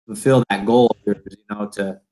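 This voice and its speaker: A man's voice: on the low side, fairly even intonation, moderate pace, dark tone, low-quality recording. A man hosting a podcast, asking questions in hesitant casual chat with many fillers. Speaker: podcast host.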